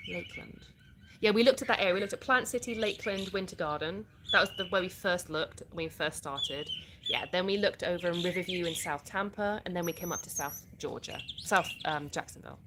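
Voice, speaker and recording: A woman's voice: medium pitch, noisy background. A British woman from the UK hosting a casual livestream, reading out viewer comments and answering them in a chatty way. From United Kingdom.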